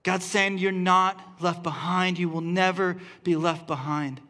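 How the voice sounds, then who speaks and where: A man's voice: sits high, steady tone, measured pace, sharp tone. A man, a pastor, preaching a sermon in an earnest, repetitive way that builds emphasis through restarts. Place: church service.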